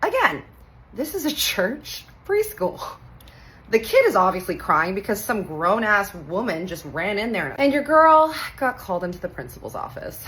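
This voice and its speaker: A woman in her thirties from Texas, telling a funny personal story in a casual, animated way, acting out the voices and swearing playfully. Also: mid-range voice, a little hiss or hum, rough recording. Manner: animated, acts out quoted voices, playful cursing.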